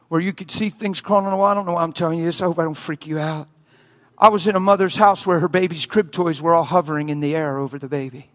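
A man preaching a sermon as a story, animated, acting out voices and screams and often laughing. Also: on the high side.

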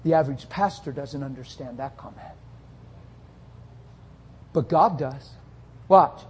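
A male pastor preaching a sermon, forceful and confrontational, often breaking into shouts. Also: medium pitch, unhurried, long pauses, husky.

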